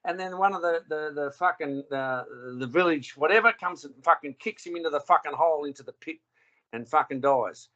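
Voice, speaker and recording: High, bright, profane man. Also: fairly quick, muffled recording. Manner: profane, combative, repeats questions back. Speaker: call participant. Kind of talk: heated argument on a call.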